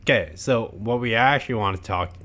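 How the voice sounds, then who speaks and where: A man's voice: medium pitch, fairly quick, fairly bright tone. A young man co-hosting a podcast in casual chat, laid-back and joking. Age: young adult. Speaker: podcast co-host.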